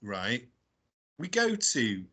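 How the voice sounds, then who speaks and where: A British man, a guest explorer, telling a story casually and in an animated way, often adding tag questions and laughing as he talks. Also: medium pitch, extremely slow, breathy edge. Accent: British English. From England. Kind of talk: casual storytelling on a radio show.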